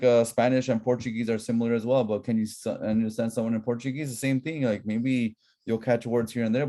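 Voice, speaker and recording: A man's voice: medium pitch, mellow. A man from Southern California with a local accent, teaching an online class in a casual, chatty way and often repeating himself. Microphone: laptop microphone.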